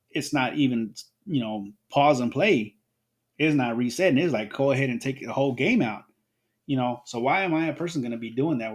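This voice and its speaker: A man hosting an unscripted solo podcast, talking in a rambling way and often restarting his phrases. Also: mid-range voice. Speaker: podcast host.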